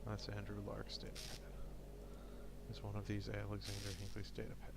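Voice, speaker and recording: Tired low-voiced gaming host. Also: male voice, completely flat delivery, fairly quick, creaky, heavy background noise. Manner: tired, low-energy, mumbling. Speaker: let's play host. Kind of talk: casual gameplay commentary. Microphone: desk microphone. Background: game music.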